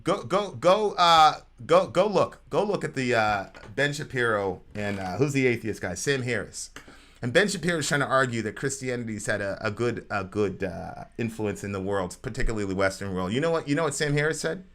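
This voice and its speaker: A man's voice: medium pitch, lively intonation, fairly quick, a bit bright. A man co-hosting a livestream talk show, preaching animatedly and acting out quoted voices. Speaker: show co-host.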